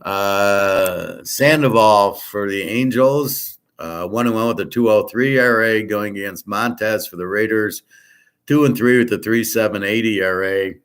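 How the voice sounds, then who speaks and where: A man's voice: fairly low pitch, a little slow, a bit bright, smooth. A man giving sports betting picks in a loose, rambling way, reading off stats with many fillers. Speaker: sports handicapper. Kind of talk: casual betting picks talk.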